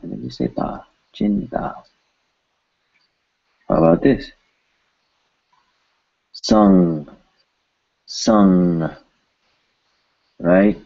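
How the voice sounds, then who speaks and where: Slow, deep-voiced male language teacher. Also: creaky, dull audio. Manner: patient, repeats each word slowly several times. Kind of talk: pronunciation lesson.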